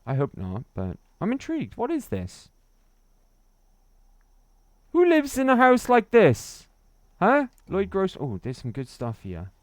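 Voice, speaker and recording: A man's voice: sits high, huge pitch swings, unhurried, long pauses, no echo, studio quality. A man from Wales, chatting and laughing through a gaming livestream while reading his chat. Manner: chatty, laughs often, reads chat aloud. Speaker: streamer.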